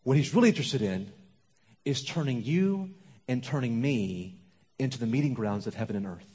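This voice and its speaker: A man preaching a sermon with an emphatic, repetitive rhythm that drops to a hush at times. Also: medium pitch, animated, moderate pace, breathy edge. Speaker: pastor. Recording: long reverb of a large hall.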